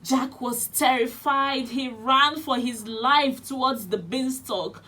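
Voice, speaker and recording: A woman's voice: high-pitched, slow pace, pushed and bright, a little hiss or hum. A woman with a Nigerian accent, a children's radio host reading a storybook aloud expressively. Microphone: studio radio mic.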